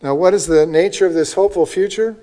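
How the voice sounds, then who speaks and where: A man preaching a sermon, reading scripture slowly and often checking in with the listeners with "okay?" and "right?". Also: high voice, warm tone. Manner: reads scripture aloud slowly with emphasis. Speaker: pastor. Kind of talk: sermon, Bible teaching.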